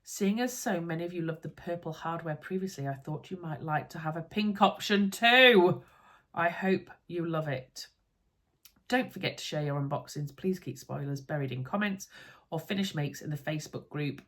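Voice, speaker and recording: A chatty woman with a Yorkshire accent talks to camera from her home sewing room. Her voice sits a little low for a woman, and her bubbly, easily excited manner carries through a relaxed unboxing chat. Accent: Yorkshire English. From Yorkshire, England. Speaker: sewing vlogger. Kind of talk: casual chat while unboxing.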